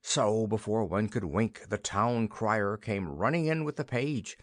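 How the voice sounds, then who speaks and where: A man reading a children's fantasy story aloud for English learners, with a lively, expressive delivery. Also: fairly low pitch, measured pace, no echo. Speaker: narrator.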